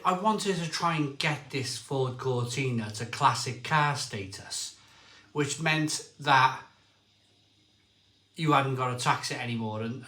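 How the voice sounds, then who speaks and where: A middle-aged man hosting a casual livestream, telling rambling, excitable stories and reading out viewer comments. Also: medium pitch, echoey room. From Barry, Wales. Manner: rambling storyteller, lively and excitable, often restarts sentences. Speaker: livestream host.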